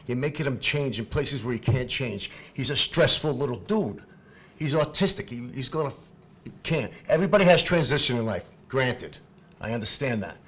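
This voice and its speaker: A middle-aged man, speaking up as a parent at a public meeting, halting and repeating himself, then rising to shouting. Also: mid-range voice, lively intonation, breathy edge. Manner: impassioned, halting, repeats words, swings from quiet to shouting. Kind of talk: emotional unscripted public comment.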